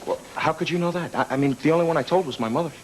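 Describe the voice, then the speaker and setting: An actor playing a young man who pleads haltingly with the woman he loves, in a 1980s daytime soap opera. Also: fairly high pitch, slight background noise, lightly acted, rough recording. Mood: awkward, hurt. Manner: halting, pleading, soft-spoken. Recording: archived TV recording with music.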